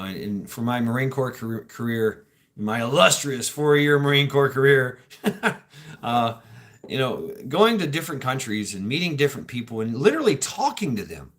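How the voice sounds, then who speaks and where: This livestream host has a mid-range, slightly bright voice and muses aloud as he reads chat comments, rambling, repeating words and laughing between thoughts. He comes across as reflective and joking, swearing casually.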